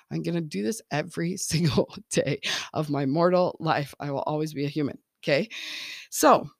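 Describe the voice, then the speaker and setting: Woman, parenting coach, casual talk, laughs often, vocal fry. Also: deep voice, no room sound, studio quality. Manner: chatty, laughs often, keeps checking in with "okay?" and "right?".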